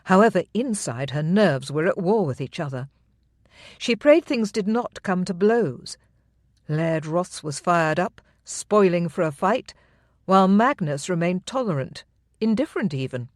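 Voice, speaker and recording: An audiobook narrator reading a historical romance in an even, steady storytelling manner. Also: medium pitch, measured pace, dry recording, clean studio sound.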